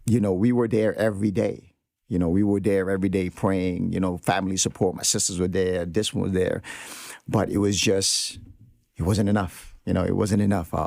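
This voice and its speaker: A man's voice: sits low, gravelly, darkish tone, dry recording, clean studio sound. A man telling a personal story on a podcast in an earnest, reflective way. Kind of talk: casual podcast conversation.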